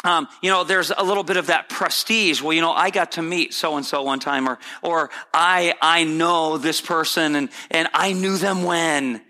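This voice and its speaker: A man's voice: fairly high pitch, moderate pace, few pauses, bright, forceful tone. A man preaching a sermon as pastor, conversational and repetitive with many restarts. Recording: hall reverb.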